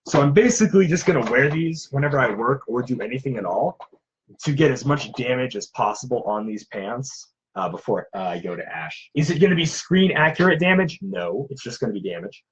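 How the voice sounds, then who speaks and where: A man's voice: medium pitch, lively intonation, fairly quick, slightly rough, dull audio. A man who makes props and cosplays, chatting casually and in a self-deprecating way. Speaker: cosplayer and prop maker. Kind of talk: casual chat.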